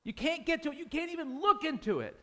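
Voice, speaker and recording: A pastor preaching a sermon in a dramatic way, swinging between loud emphasis and hushed lines. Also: male voice, very high voice, big pitch swings, quick pace.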